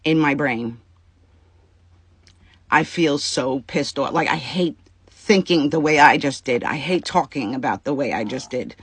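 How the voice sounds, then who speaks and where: A woman's voice: rumbling low, a little slow, slightly rough, no room sound. A woman venting to her viewers about a personal dispute, upset and near tears, swearing freely and talking in bursts. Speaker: vlogger. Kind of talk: casual venting to camera.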